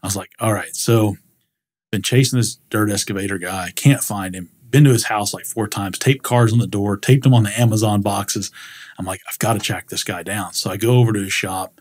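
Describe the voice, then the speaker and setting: A man talking as a guest in an interview, telling animated anecdotes and laughing often. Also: fairly low pitch, brisk. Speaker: commercial real estate broker guest. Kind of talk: casual interview storytelling.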